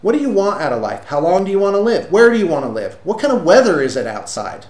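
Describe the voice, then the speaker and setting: Man, slightly high voice, emphatic rhetorical lecturing; echoey room. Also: very animated, quick pace, a little mellow. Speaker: interviewee. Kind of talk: motivational monologue. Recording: roomy echo.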